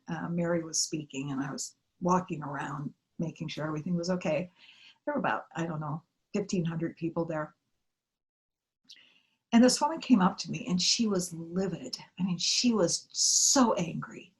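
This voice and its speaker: A woman's voice: lowish voice, a little mellow. A middle-aged woman minister giving an earnest sermon, telling stories and acting out what people said. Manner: earnest, storytelling with acted-out quotes.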